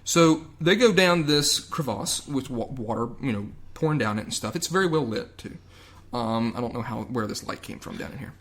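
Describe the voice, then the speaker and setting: A man's voice: medium pitch, expressive, moderate pace. A man co-hosting a podcast, rambling and sarcastic as he recaps a movie. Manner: rambling, sarcastic, with loud mock quotes. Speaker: podcast co-host. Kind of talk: casual movie review chat.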